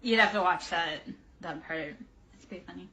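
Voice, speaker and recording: Speaking at a normal speed in a lowish voice over a noisy background, a woman in her forties hosts a livestream tarot reading. She chats casually with viewers, rambling and wandering onto tangents as she answers chat.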